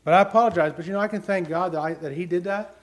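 A middle-aged man preaches a sermon in a higher-than-usual voice. He tells homely personal stories earnestly and builds to emphatic questions for his listeners. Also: very fast.

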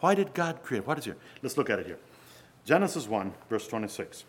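A man's voice: mid-range voice, sing-song, fairly quick, breathy edge. A man preaching a sermon in an earnest way, often asking his listeners rhetorical questions.

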